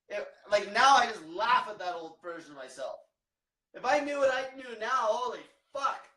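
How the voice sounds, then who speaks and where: A man's voice: sits high, pushed and bright, roomy sound, far from the mic, poor audio. A man coaching in a profane, blunt livestream rant, repeating himself. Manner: profane, blunt, repetitive, fired-up. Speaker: diet coach.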